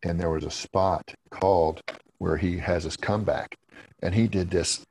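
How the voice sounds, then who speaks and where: Gravelly deep-voiced man telling stories. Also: steady tone, moderate pace, darkish tone, slight background noise, low-quality recording. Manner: laid-back, laughs between lines, swears freely. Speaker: podcast guest. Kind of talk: casual storytelling chat.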